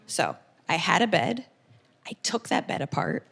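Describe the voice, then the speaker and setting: A woman in her thirties performing a stand-up comedy set, telling a story fast and animated, with loud shouted punchlines. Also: on the low side, vocal fry, breathy edge. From United States. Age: 30s.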